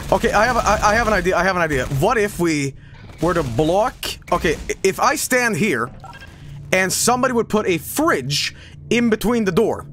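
An excitable man streams a game with casual commentary, swearing and laughing as he goes. His voice sits high and swings wildly up and down. Faint music plays beneath him. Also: normal speed. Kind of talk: casual let's-play commentary.

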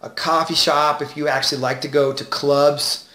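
Animated coach with a roomy echo. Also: male voice, fairly high pitch. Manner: enunciated, varied tonality with deliberate pauses. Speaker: confidence coach. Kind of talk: direct-to-camera advice video.

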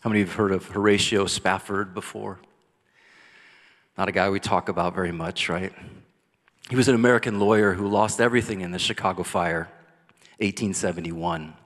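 A man preaching a sermon as pastor, rising to intense cries and dropping to soft, quiet lines. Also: deep voice, fairly even intonation, brisk. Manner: passionate preaching, builds to loud cries then drops soft. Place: church sanctuary. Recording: long church hall reverb.

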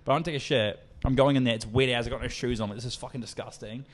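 A man's voice: mid-range voice, steady tone. A young man, a podcast co-host, telling a story in casual chat, sweary and packed with "like". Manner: rapid, sweary, full of "like" fillers.

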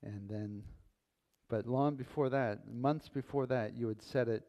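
A male pastor preaches in a church sanctuary at a slow, unhurried pace, with a voice of ordinary male pitch. His delivery is folksy and playful, and it settles into a calm tone for the closing prayer.

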